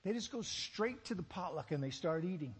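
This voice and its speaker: Male pastor, sermon, fairly high and husky, joking asides, big echoing hall. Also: a little fast. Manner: animated, rhetorical questions, joking asides.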